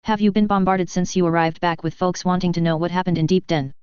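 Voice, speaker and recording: Woman doing a tired, teasing warrior man, low smooth voice, story reading, dry lo-fi sound. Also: fairly even intonation, quick pace, darkish tone, no echo, close to an everyday voice. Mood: wry. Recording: slightly dull, dry lo-fi recording.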